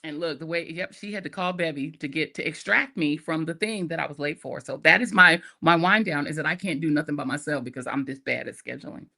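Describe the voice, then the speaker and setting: A woman's voice: low-pitched, a little fast, vocal fry, few pauses, bright, forceful tone. A woman hosting a podcast in casual chat, joking at her own expense and laughing often. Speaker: podcast host.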